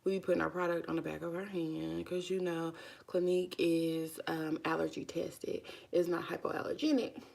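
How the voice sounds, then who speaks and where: A woman's voice: fairly low pitch, little pitch movement, normal speed, creaky, a little mellow. A woman, chatting casually through a makeup tutorial and calling her viewers y'all and honey. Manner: chatty, folksy, says y'all and honey a lot. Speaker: beauty vlogger.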